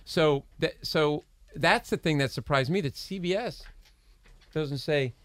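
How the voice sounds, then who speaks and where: A man's voice: a little high, measured pace, fairly bright tone, dry recording. A man talking as a podcast guest, rambling through backstage stories with many restarts and quoted voices. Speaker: guest, late-night show writer. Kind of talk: casual podcast interview.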